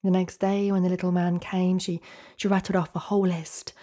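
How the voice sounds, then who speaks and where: A woman storyteller telling a folktale slowly and dramatically, often dropping to a hushed whisper. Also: fairly low pitch, little pitch movement.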